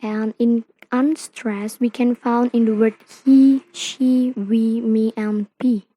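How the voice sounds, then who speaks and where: Slow, careful young woman reading a lesson. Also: on the high side, flat delivery, mellow, rough recording. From Indonesia. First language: Indonesian. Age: young adult. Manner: slow careful reading with non-native grammar. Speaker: student presenter. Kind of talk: reading a phonetics presentation.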